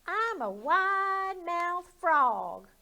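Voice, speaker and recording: Woman putting on a loud, boastful cartoon frog. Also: very high voice, big pitch swings, extremely slow, vocal fry, pitched above the performer's own voice, exaggerated voice. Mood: boastful cheery. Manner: loud, bright, sing-song boasting. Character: cheery boastful little male frog.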